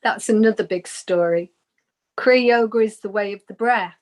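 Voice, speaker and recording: A woman's voice: mid-range voice, moderate pace. A woman, a guest on an interview show, earnestly telling a personal spiritual story and acting out the voices she quotes.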